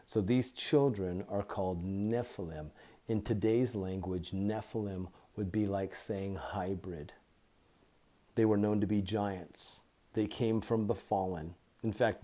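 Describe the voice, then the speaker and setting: A man with a very low, mellow voice gives an informal Bible teaching, recorded on a phone. He talks slowly and deliberately, repeating key words to drive them home. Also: fairly even intonation.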